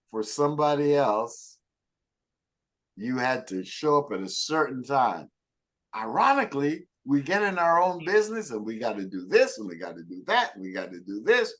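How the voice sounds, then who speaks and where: A man's voice: medium pitch, animated, measured pace, a bit bright. A middle-aged man coaching a group on network marketing, talking emphatically and calling on listeners by name. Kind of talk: motivational talk to a group.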